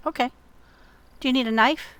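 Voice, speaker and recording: In this survival game video, the female host talks in a friendly, filler-heavy way to her viewers and to a fellow player over in-game chat. Her high voice is fairly bright and moves at a moderate pace, with a little hiss or hum in the audio.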